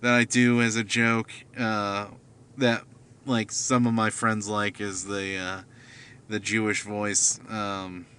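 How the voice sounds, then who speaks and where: A man's voice: fairly low pitch, little pitch movement, slow, bright, forceful tone, slight background noise. A man rambling casually from his car at night, hesitant, with many fillers and restarts. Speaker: vlogger.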